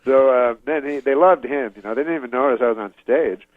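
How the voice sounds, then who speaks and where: A man from Canada tells a meandering story as a talk show guest, deadpan and halting, in a mid-pitched voice. The sound is dull and lo-fi, dry, with no room around it. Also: no echo. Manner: halting, deadpan, full of fillers and restarts. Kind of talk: casual rambling anecdote.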